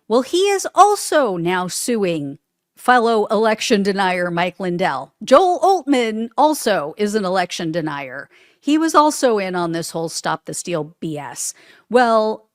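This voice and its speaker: A woman's voice: mid-range voice, dry recording, studio quality. Sarcastic woman hosting a politics show. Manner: sarcastic, laughs at her own jokes. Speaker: political commentary host. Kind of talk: casual news commentary.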